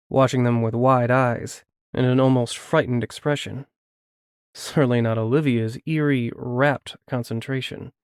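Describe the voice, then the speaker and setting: A man's voice: mid-range voice, no echo. Man narrating a story, dry close sound. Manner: steady, measured storytelling. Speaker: audiobook narrator. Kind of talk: first-person fiction narration.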